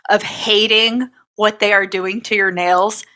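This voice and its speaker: Giggly young woman with a bright voice. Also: mid-range voice, fairly even intonation, measured pace. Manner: sarcastic, giggly, acts out voices in stories. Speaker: podcast co-host. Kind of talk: casual chat.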